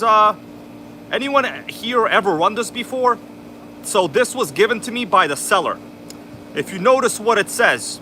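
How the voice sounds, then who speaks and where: A man's voice: high-pitched, sharp tone, slight background noise. A man with a New York accent hosting a casual livestream, greeting viewers by name in an exaggerated, hyped announcer style. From Queens, New York. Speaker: RC livestream host. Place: indoor room with air conditioner running.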